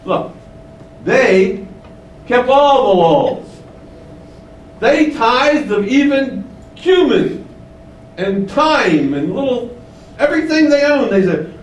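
High-voiced emphatic preacher in an echoey hall. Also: male voice, big pitch swings, slow, pauses often. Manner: emphatic, asks the congregation questions and repeats lines. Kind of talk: sermon. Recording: echoey room, mic at a distance, faint rumble.

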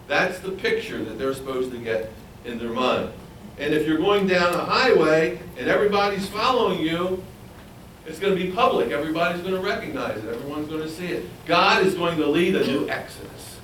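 A man preaching a Bible sermon, animated and acting out the quoted voices. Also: a little fast, slight background noise. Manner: animated, acts out quoted voices in a higher pitch. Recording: echoey room, voice from far off.

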